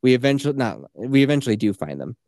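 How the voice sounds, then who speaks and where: Animated storytelling man, dry close sound. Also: medium pitch, fast talker, dry recording. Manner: animated storytelling, swearing, acting out quotes. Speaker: podcast host. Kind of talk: casual chat.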